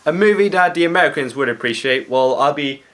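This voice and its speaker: A man's voice: on the high side, lively intonation, fairly quick, fairly bright tone. A man giving casual comedic commentary as a vlogger, rambling with fillers. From Britain. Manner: rambling, with frequent fillers and restarts.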